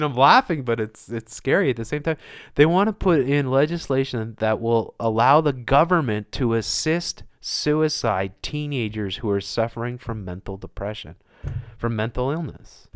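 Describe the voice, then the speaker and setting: A man's voice: mid-range voice, a bit bright, smooth. A man hosting his own podcast, delivering a sarcastic, mocking opinion monologue and laughing at his own jokes. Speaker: podcast host.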